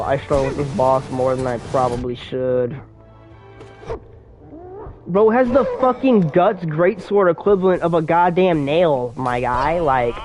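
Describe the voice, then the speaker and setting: A young man streaming a game live, rambling in heavy slang and swearing in exasperation as he plays. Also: medium pitch. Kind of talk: live-streamed gameplay commentary.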